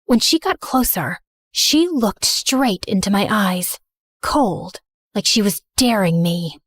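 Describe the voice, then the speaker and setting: A woman's voice: mid-range voice, expressive, slow pace, dry recording, clean studio sound. A woman narrating a dramatic first-person story in an earnest storytelling manner.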